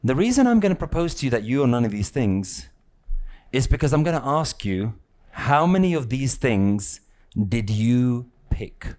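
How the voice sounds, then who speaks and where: A man's voice: mid-range voice, big pitch swings, normal speed, darkish tone. Chatty man teaching a live audience. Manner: conversational, teasing, keeps checking in with "yeah?" and "right?". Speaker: spiritual teacher.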